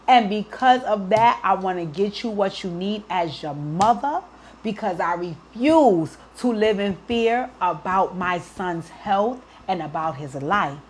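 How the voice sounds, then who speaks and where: A woman's voice: medium pitch, expressive, a little slow, a little hiss or hum. Earnest woman giving emotional advice. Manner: emotional, earnest, near tears, frequent "right?". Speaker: advice show host. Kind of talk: heartfelt advice talk to a listener.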